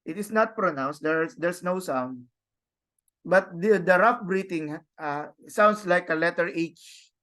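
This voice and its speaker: Man, online class lecture, slow and halting, fairly high voice. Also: a bit bright. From Philippines. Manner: halting, with many restarts and tag questions. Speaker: Greek teacher.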